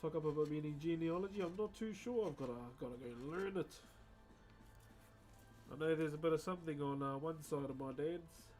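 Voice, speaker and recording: Laid-back New streamer, talking to his viewers as he works; a touch higher than average. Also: a little fast, darkish tone, faint music behind. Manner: easygoing, chatty, addresses viewers as guys and bro. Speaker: live streamer and wood carver. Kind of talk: casual live-stream chat while carving.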